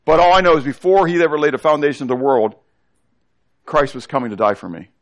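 A man teaching a Bible study sermon to a congregation, animated, constantly asking the room questions and coaxing children to join in. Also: a little high, fast talker.

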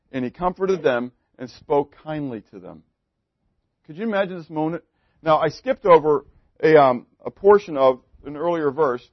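A man delivers a sermon in a slightly high voice. He swings between loud, pointed emphasis and hushed asides and keeps putting questions to his listeners. The recording is dry and a little dull. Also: no room sound. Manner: asks the congregation questions. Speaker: pastor.

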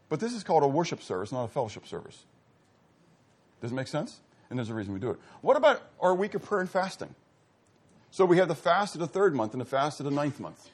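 A man's voice: fairly high pitch, breathy edge. A male pastor preaching a sermon, asking rhetorical questions and restarting phrases with stammers.

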